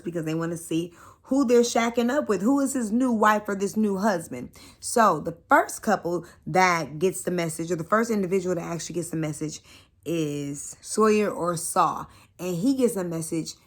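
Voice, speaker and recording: A woman recapping a reality show in a casual, slangy way, speaking candidly and swearing often, with chatty asides to her viewers. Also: fairly low pitch.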